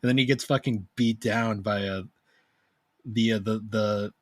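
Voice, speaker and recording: A young man co-hosting a podcast, telling stories in a rambling, animated way. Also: lowish voice, measured pace, no echo. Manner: rambling, animated storytelling with laughs. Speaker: podcast co-host. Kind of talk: casual chat.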